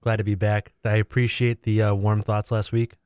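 A man's voice: lowish voice, little pitch movement, normal speed, a little mellow, clear, resonant tone, no room sound, studio quality. A man co-hosting a casual gaming podcast, laid-back and teasing. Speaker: podcast co-host.

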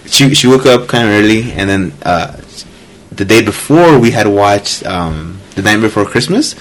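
Lower-voiced man, halting casual talk. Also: a bit bright, a little hiss or hum, rough recording. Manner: halting, full of "like" and restarts, swears. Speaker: podcast guest. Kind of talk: casual chat.

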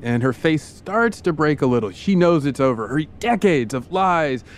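A male podcast host spins a true story as a lively imagination exercise, addressing the listener as "you." He is playful and theatrical, dropping in brief funny voices for the characters along the way. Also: on the high side, moderate pace, a little hiss or hum. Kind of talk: storytelling narration in second person.

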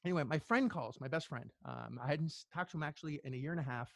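A middle-aged man telling a personal story as an interview guest, earnest and halting, with many restarts. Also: on the high side, creaky, dry recording. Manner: earnest, halting, tearful at times.

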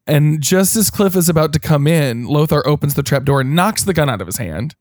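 A man's voice: fairly high pitch, animated, fairly quick, darkish tone, dry recording, studio quality. A man co-hosting a podcast, casually recapping a movie with wry asides and playful commentary. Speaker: podcast co-host.

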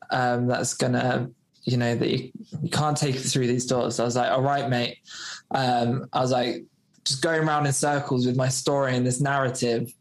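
A man, a podcast guest, telling a personal story in a loose, rambling way, full of fillers and acted-out dialogue. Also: mid-range voice. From United Kingdom. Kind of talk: storytelling in a casual interview.

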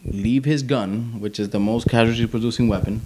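A man's voice: medium pitch, a little fast, noisy background. A man, an army veteran, telling a war story in casual, profane talk and acting out quotes. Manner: profane, animated, acts out quotes.

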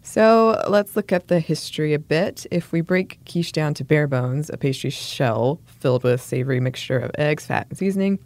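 A woman's voice: low voice, lively intonation, normal speed, few pauses, a little mellow. A woman co-hosting a casual podcast chat, playful and laughing as she reads out old recipes. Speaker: podcast co-host.

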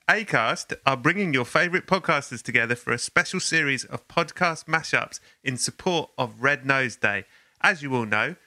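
A man hosting a comedy podcast, talking with deadpan, mock-grandiose delivery into a close studio mic. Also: medium pitch, dry recording. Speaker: podcast host. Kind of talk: comic podcast chat.

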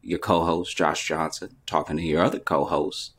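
A man's voice: rumbling low, steady tone, normal speed, fairly bright tone, husky. A man co-hosting a podcast in casual chat, laid-back and playful, often murmuring along as the other host talks.

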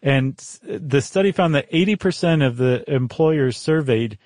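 An American man in casual podcast chat, talking in a loose, joking way with a medium pitch. The sound is dry and close, with no room around his voice. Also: lively intonation, a little mellow, no room sound. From United States. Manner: chatty, quick asides and jokey guesses. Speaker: podcast co-host.

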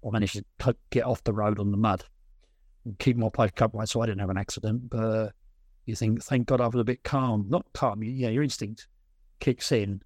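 Rambling man, low dry voice. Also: steady tone, fairly quick, darkish tone, dry recording. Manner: rambling, restarts often, tells anecdotes. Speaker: coaching client. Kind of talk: casual chat on a call.

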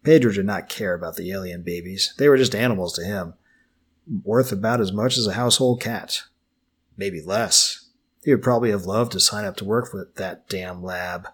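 A man reading a novel aloud as an audiobook in a steady, expressive way. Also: fairly low pitch, normal speed, gravelly, husky. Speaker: narrator. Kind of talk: audiobook narration.

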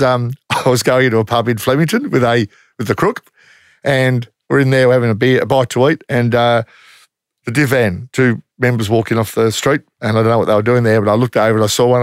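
Blunt Australian ex-undercover cop. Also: male voice, mid-range voice, no echo, clean studio sound. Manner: blunt, matter-of-fact, slangy, acts out quoted voices. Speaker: former undercover police officer. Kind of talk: casual interview storytelling.

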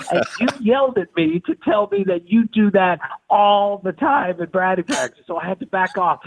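Man in his 60s, lively storyteller, fairly high voice, tinny phone-line sound. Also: normal speed. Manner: excited, with wide pitch swings. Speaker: guest, baseball reporter. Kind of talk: animated storytelling.

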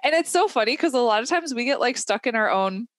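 A woman's voice: a little high, animated, quick pace, no room sound. A woman who coaches online marketers, talking as a guest on a podcast in an enthusiastic, chatty way. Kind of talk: casual interview chat.

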